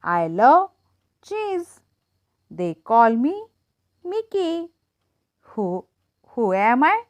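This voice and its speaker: A woman teacher slowly reading animal riddles to children in an emphatic, sing-song way. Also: on the high side, sing-song, no echo. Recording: dull lo-fi dry sound.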